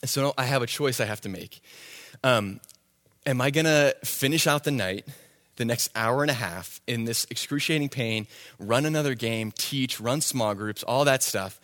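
A young man telling a self-deprecating story in a sermon, animated and quick with asides. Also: medium pitch. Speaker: youth pastor.

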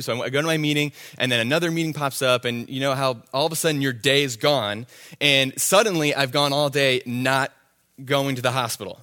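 A young man telling a self-deprecating story in a sermon, animated and quick with asides. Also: medium pitch. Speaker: youth pastor.

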